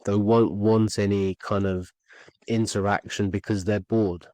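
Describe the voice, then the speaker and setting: Man coaching speaking skills, low and dry. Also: flat delivery, measured pace, darkish tone, no echo, rough recording. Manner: earnest, repeats points for emphasis. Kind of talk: instructional podcast talk.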